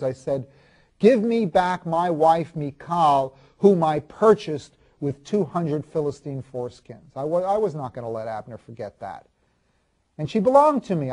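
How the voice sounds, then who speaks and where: A man's voice: on the high side, mellow, natural voice. A man playing a proud, self-justifying ancient king. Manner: confiding and halting, with many restarts and repeated words. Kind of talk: first-person character monologue.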